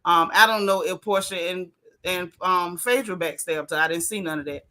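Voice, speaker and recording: Bright-voiced chatty woman host. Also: lowish voice, moderate pace. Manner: animated, chatty and blunt, with casual Southern-style grammar. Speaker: host of a reality TV recap channel. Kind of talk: casual live-stream commentary reading viewer chats.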